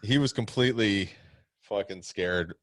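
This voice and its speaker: A man tells a story in a rambling way, laughing often and swearing freely. His voice sits a little low. The sound is dry and close to the mic. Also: unhurried, a bit bright, no room sound. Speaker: podcast co-host, pro wrestler. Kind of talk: casual chat.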